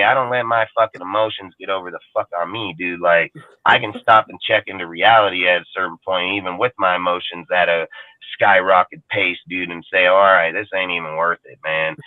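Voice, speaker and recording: A man's voice: deep voice, dry recording. A man co-hosting a sports fan podcast, ranting in a heated, profane, casual way. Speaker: podcast co-host. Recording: tinny phone-like sound, dry.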